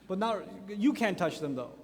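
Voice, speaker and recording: A man in his thirties giving an animated sermon at a youth conference, full of rhetorical questions. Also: high voice, moderate pace. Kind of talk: lecture sermon. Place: large conference hall. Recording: hall reverb from a conference hall.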